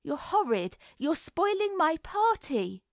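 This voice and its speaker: A woman's voice: on the high side, expressive, takes it slowly, fairly bright tone, no room sound, clean studio sound. A woman reading the part of a timid, prim little girl who whimpers and complains. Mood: whimpering. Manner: whimpering, plaintive. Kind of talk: audiobook character reading.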